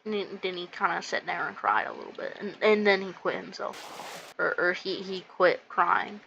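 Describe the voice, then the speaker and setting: A woman narrating a video game as she plays, excitable and rambling, stringing her thoughts together with repeated "and then". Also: lowish voice, moderate pace, vocal fry, dull audio. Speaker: gamer reviewing a video game. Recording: loud background noise.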